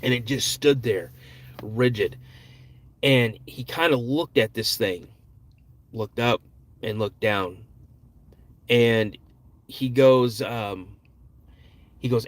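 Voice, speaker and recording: A man hosts a podcast and retells someone else's encounter, building suspense slowly. He often stops, restarts and repeats words as he goes. His voice sits in an ordinary middle pitch. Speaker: podcast host. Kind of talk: retelling an eyewitness encounter story.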